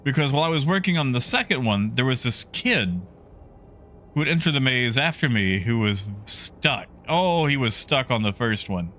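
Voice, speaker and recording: Bright-voiced chatty male streamer. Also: mid-range voice, animated, moderate pace, a little hiss or hum. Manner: chatty, greets chatters by name. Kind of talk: casual livestream chat.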